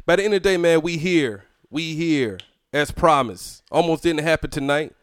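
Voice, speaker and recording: Loud, profane podcast host. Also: male voice, fairly high pitch, normal speed, clear, resonant tone, dry recording. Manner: loud, profane, laughing banter. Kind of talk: casual podcast chat.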